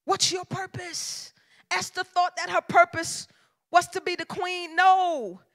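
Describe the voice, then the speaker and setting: A woman pastor delivers a sermon in a church sanctuary. Her voice sits very high and sounds bright and ringing. She talks in a folksy, colloquial way, drops low for emphasis and then builds to loud, shouted lines. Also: level tone, takes it slowly. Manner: emphatic preaching with call-and-response cadence, swinging from hushed to shouted.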